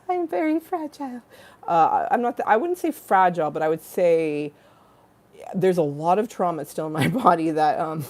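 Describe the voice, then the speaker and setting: A woman hosting a casual livestream from home, rambling and giggly, swearing freely and breaking into little sung snatches. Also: sits low. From Los Angeles-based. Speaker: livestream host. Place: home in a hot room with a fan.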